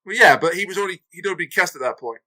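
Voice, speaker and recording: Earnest man co-host, high, bright voice, firm opinions. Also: animated, very fast, low-quality recording. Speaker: podcast co-host. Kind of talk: casual chat.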